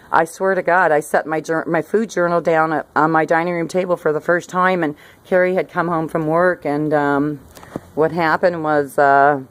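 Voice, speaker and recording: A middle-aged woman with a low voice talks to her camera outside by a hillside garden. She rambles and restarts her sentences, laughing now and then as she goes. It sounds like a relaxed chat about her day. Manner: rambling, self-interrupting, laughs often. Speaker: vlogger. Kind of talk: casual talk to camera.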